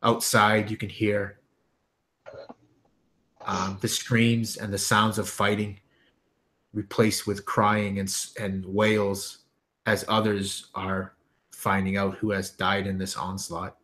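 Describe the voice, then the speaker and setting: A man narrating as game master of a tabletop game, halting with frequent ums and restarts. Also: on the low side, flat delivery, fairly bright tone.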